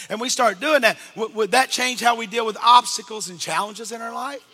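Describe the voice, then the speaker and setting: A man preaches from the pulpit in a high, piercing, very bright voice. He throws questions to the congregation and climbs into shouted emphasis. The sound rings with the long reverb of a church sanctuary. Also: moderate pace, few pauses, husky. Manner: call-and-response preaching, rising to shouts. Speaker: pastor. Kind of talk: sermon.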